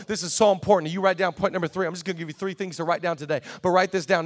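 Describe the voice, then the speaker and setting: A man preaching a sermon as pastor in church, emphatic and repetitive, swinging between quiet asides and loud declarations. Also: on the high side, steady tone, rapid-fire, hardly any pauses.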